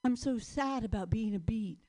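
A woman voicing a vain, sulky female beet who longs to be sexy, in a low, breathy, sultry whine. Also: normal speed, dark tone, lightly acted.

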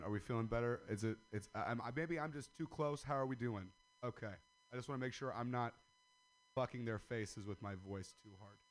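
A man's voice: medium pitch, poor audio. A man taking the stage as a comedian and casually checking in with the crowd. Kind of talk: stand-up crowd work.

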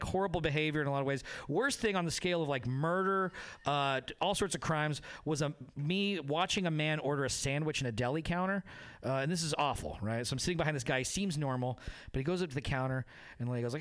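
A man performing a crude stand-up comedy set, telling an animated story and acting out the people in it. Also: on the high side, fast talker.

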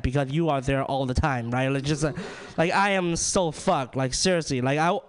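Ranting young stand-up comedian, smooth voice. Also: male voice, fairly high pitch, normal speed. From China. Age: young adult. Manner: ranting, self-deprecating, heavy use of "like" and "right?".

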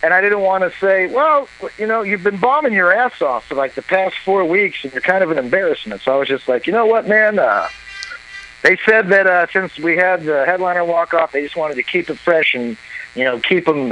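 A man telling a long comic story on a talk show, animated and profane, acting out what others said. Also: on the high side, brisk, lo-fi sound, slight background noise. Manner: animated, profane, acts out quoted voices. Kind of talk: casual storytelling.

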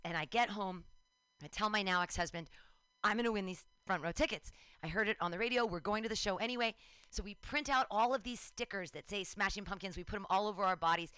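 A woman in her forties telling a lively personal story on a radio talk show, acting out her own shouts and cheers. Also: medium pitch, clean tone, no echo.

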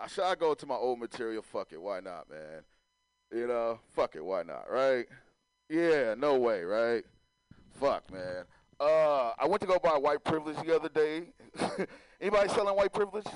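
Lively, loose stand-up comedian, man. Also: on the high side, no room sound, rough recording. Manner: loose, swearing, talks to the crowd.

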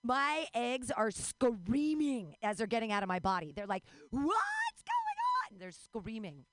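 A woman's voice: on the high side, moderate pace, no room sound. A woman in her forties doing a rambling, bawdy stand-up comedy set, breaking into squeals and laughs. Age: 40s.

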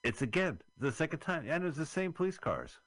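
A man's voice: on the high side, sing-song, a little fast, a bit bright, no room sound, poor audio. A man hosting, trading sarcastic jokes while commenting on a movie. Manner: sarcastic, joking. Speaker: host riffing on a movie.

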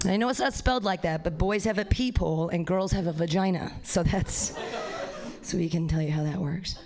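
A woman's voice: on the low side, brisk, crowd noise. A woman doing a rambling, profane stand-up comedy set, laughing at her own jokes in front of a live audience. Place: small live venue with an audience.

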